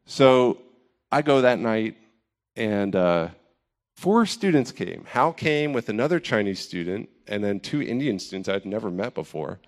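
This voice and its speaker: A man's voice: on the low side, very animated, unhurried. A man in campus ministry telling a personal faith story in a candid, self-deprecating way, with many fillers and restarts. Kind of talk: personal testimony, casual storytelling.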